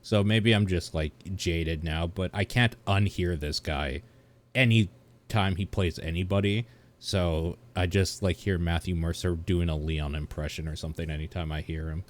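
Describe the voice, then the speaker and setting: A man's voice: deep voice, steady tone, moderate pace. A man giving rambling, casual commentary while reacting to a video, laughing now and then. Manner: chatty, rambling, laughs often.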